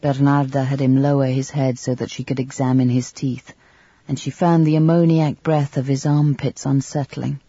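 A man narrating a literary novel in a measured, even storytelling manner, on a slightly dull, dry recording. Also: mid-range voice, slightly rough, no echo. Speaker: audiobook narrator.

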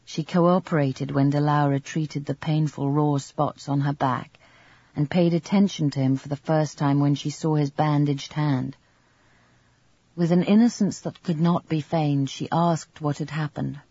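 A man reading a novel aloud in measured, even scripted narration. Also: a little high, no room sound. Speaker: audiobook narrator. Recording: dull lo-fi recording.

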